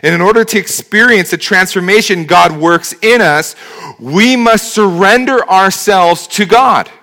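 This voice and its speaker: A man's voice: high-pitched, unhurried, sharp tone. A man preaching a sermon as pastor, speaking conversationally and asking rhetorical questions.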